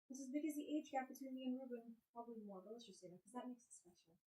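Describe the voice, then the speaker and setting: A woman's voice: a little high, rapid-fire, warm tone, far from the mic. A woman in her twenties chatting casually with her live stream chat, rambling from topic to topic. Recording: roomy sound, away from mic.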